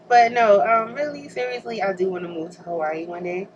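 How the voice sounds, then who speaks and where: A woman's voice: on the low side, lively intonation, fairly quick, few pauses, rough recording. A young adult woman vlogging casually while she gets ready at home, rambling and laughing often. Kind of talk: casual chat to camera. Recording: noticeable background hiss.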